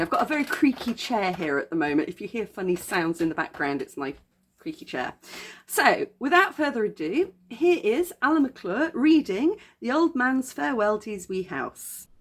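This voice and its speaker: An English woman chatting about books in a casual explanatory way, with frequent ums and self-corrections. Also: mid-range voice. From England. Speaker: book vlogger.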